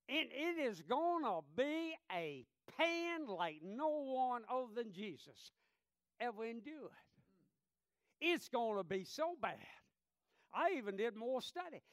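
High-voiced, slow-preaching man. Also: dry recording, studio quality. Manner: impassioned, swinging from hushed to loud; reads scripture aloud in King James wording. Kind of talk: sermon.

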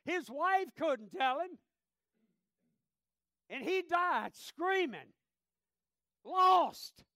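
A man preaching a sermon with passion, dropping to a hush and then rising loud, and reading scripture aloud in old wording. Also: extremely high pitch, lively intonation, drawn-out words, dry recording, clean studio sound. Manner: impassioned, swinging from hushed to loud; reads scripture aloud in King James wording.

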